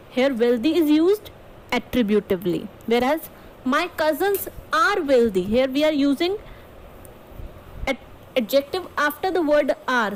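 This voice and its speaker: A woman's voice: sits high, a little hiss or hum, low-quality recording. A woman teacher with an Indian English accent, explaining a grammar lesson step by step to students and often checking in with "okay". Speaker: school teacher.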